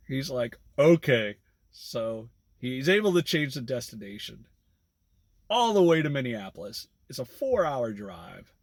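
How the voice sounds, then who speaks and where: A man's voice: mid-range voice, big pitch swings, takes it slowly, long pauses, no echo. A man who drives for a rideshare app, casually telling a story about a fare in a chatty vlog style, with bursts of laughter. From US Midwest. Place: in a parked car by a road.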